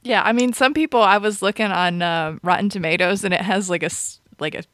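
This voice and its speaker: A woman's voice: medium pitch, brisk, a bit bright, no echo, studio quality. Chatty woman host rambling casually. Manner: chatty, laughs often, rambling with restarts. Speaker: radio and podcast host. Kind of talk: casual chat about a movie.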